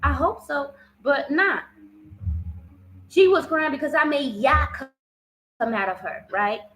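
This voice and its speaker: A woman's voice: high voice, slow, fairly bright tone, a little hiss or hum, low-quality recording. A woman telling a personal story in a casual vlog, swearing freely and often repeating herself. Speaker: vlogger.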